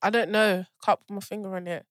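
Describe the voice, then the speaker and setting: A woman's voice: mid-range voice, steady tone, dry recording, clean studio sound. Goofy young woman. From Sierra Leonean heritage. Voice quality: slightly nasal, blocked-nose sound. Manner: goofy, laughing, quick banter. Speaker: podcast co-host. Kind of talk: casual chat.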